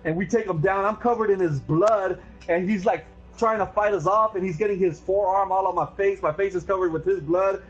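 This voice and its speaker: A young man hosting a casual podcast talk, telling animated stories and saying bro a lot. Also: high-pitched, brisk, few pauses, husky. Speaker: streamer and podcast host. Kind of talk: casual chat, storytelling. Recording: dull lo-fi stream audio. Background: faint music.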